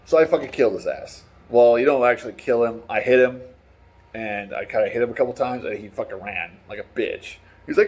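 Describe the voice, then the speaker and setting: A man talking casually and excitably about a game, swearing freely and rambling between stories. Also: mid-range voice, a little fast, slightly rough. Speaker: gaming vlogger. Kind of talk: casual opinion chat.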